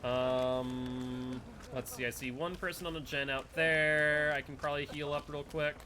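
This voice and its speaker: A man's voice: mid-range voice, steady tone, unhurried, pushed and bright, a little hiss or hum. A man giving casual running commentary while playing a game live and chatting with viewers and teammates. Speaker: streamer.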